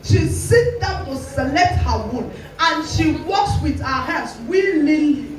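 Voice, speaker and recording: High-voiced Nigerian woman preaching. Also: lively intonation, a little slow, slight background noise. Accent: Nigerian English. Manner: preaching with dramatic quoted voices and direct challenges. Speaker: pastor. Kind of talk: sermon. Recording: very echoey hall with faint music, voice from a distance.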